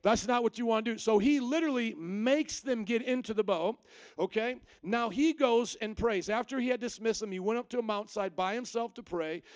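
A man with a high, smooth voice preaches a sermon and keeps the congregation involved with call-and-response questions. His speech is clean and close, with almost no room sound. He explains ideas through everyday comparisons. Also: brisk, no echo. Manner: explanatory, uses everyday examples. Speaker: pastor.

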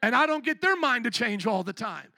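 A high-voiced male pastor delivering an emphatic sermon. His tone is bright and forceful, and he calls out to his listeners. The sound is dry and close, with no room echo. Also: sing-song, fairly quick.

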